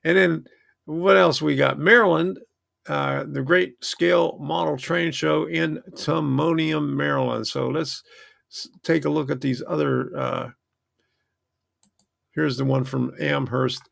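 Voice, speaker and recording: A man's voice: a little high, fairly even intonation, unhurried, creaky, fairly bright tone, dry recording, clean studio sound. A man hosting a model train channel, chatting casually in a rambling, self-interrupting way. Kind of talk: casual livestream chat.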